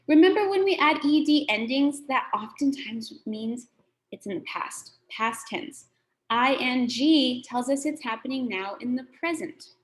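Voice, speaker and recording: A woman teaching a children's phonics lesson, sounding out words slowly and patiently. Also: high voice.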